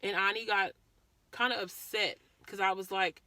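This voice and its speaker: A woman speaks straight into the camera in a bright, clear voice and relives a hard family moment in an earnest, repetitive way. The sound is close and dry. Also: medium pitch, fairly even intonation, normal speed, no echo. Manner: earnest, repeats herself, acts out quotes. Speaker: vlogger. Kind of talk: emotional personal storytelling.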